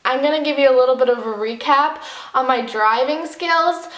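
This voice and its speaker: High, bright young woman vlogger. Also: normal speed, roomy sound. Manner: animated and dramatic, acting out quotes. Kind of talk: storytime vlog.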